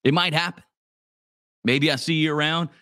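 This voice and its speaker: A Louisiana man with a voice on the high side and a sharp, steady tone hosts a live radio morning show from a small office studio, speaking at normal speed. He chats in a laid-back way, says "dude" a lot, and reads ads, all on a dry recording.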